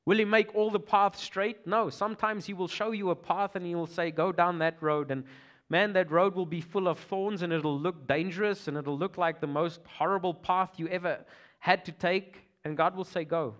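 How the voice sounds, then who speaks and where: A pastor with an Afrikaans South African accent preaching a sermon, swinging from loud urgent calls to hushed, near-whispered passages. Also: male voice, high-pitched, fairly even intonation, normal speed.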